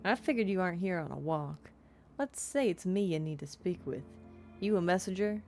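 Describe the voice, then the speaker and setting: A woman's voice: on the low side, lively intonation, normal speed, a little mellow, faint music behind. A woman voicing a guarded female lieutenant in a text game, dry and matter-of-fact.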